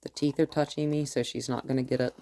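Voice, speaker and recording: A woman dog trainer who gives calm, firm commands to a dog and explains each step to the viewer. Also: rumbling low, fast, creaky. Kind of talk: dog training lesson, talking to camera and dog.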